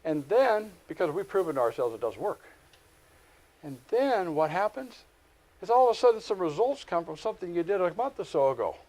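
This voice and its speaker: Man, real estate trainer, folksy class lecture, stories and asides, a bit high-voiced. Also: fairly quick. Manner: folksy storytelling, animated asides.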